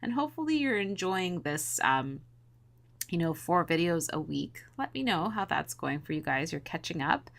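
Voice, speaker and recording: A woman's voice: fairly low pitch, very animated, moderate pace, gravelly, fairly bright tone. A woman in her thirties, hosting a scrapbooking video, chatting casually to viewers in a morning voice, upbeat and rambling with frequent laughs. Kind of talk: casual chat to viewers while crafting.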